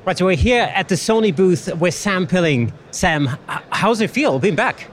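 A man hosting quick, upbeat interviews with exhibitors on a busy exhibition floor. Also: sits high, lively intonation, a little hiss or hum. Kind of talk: trade show interviews.

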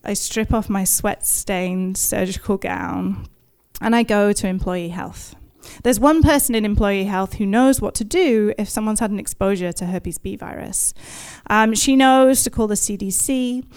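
A woman in her thirties speaks a little slowly with few pauses, her medium-pitched voice darkish, clear and resonant. Before an audience, she tells a vivid personal story in the present tense, making fun of herself amid bursts of laughter.

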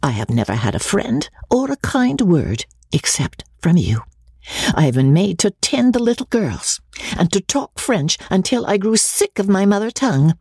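A woman's voice: mid-range voice, very animated, normal speed, gravelly, a little mellow, slightly rough, no echo, studio quality, voice pushed up, full character voice. A woman voicing a bitter, defiant young woman who speaks with fierce scorn, in a storybook reading.

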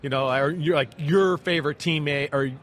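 A man's voice: a little high, moderate pace, fairly bright tone. A man co-hosting a casual sports interview show, joking around loosely and swearing freely. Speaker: co-host.

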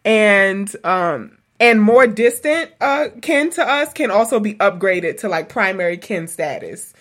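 A woman's voice: medium pitch, animated, unhurried. Chatty woman podcast host. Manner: chatty, laughs often, lots of fillers. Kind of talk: casual conversational podcast.

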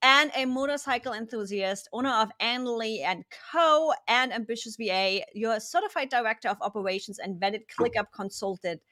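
A woman's voice: fairly high pitch, normal speed, hardly any pauses, pushed and bright, no room sound, clean studio sound. A woman hosting a business podcast, chatty and bubbly, laughing at her own slips. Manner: bubbly, laughing, self-deprecating. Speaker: podcast host. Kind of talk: casual interview chat.

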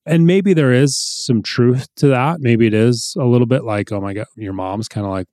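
A man's voice: medium pitch, moderate pace, hardly any pauses, dark tone, no echo, studio quality. A man co-hosting a podcast in casual conversation, talking reflectively and a little hesitantly, often restarting his sentences. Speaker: podcast co-host.

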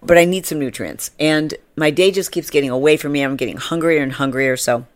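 Low-voiced woman telling a story, laughing. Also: a little fast, no room sound. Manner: animated, laughing, acts out quoted people in high voices. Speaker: podcast host. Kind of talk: casual storytelling monologue.

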